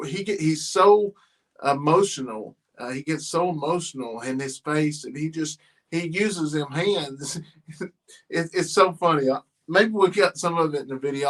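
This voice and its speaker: A middle-aged man hosts a loose, rambling livestream chat, pausing often with fillers. His voice sits a bit higher than most men's. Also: a bit bright. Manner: rambling, halting with many fillers. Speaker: farm channel host.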